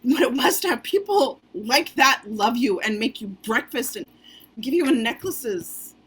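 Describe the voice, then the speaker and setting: A woman reading the part of a panicky, sharp-tongued woman stranded on a glacier, in a frantic, snappish manner. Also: a little high, expressive, measured pace, slightly rough. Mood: distraught. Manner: frantic, snappish, swings to hushed. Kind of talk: amateur online script reading.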